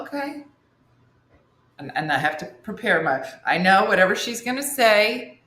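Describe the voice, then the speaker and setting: Woman comic host, lively storyteller, roomy echo. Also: lowish voice. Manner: animated storyteller acting out friends' voices. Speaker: comedian host. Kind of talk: storytelling stand-up, morning show.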